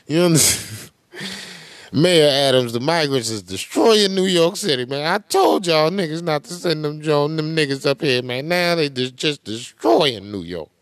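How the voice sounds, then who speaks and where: A man's voice: fairly high pitch, lively intonation, measured pace, no echo, studio quality. Profane, heated male podcast host. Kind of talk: casual commentary.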